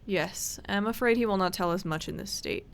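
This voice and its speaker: Brief: woman voicing a grave male doctor in a game, formal, measured delivery, near her own voice. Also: mid-range voice, slight background noise, lightly acted. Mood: earnest.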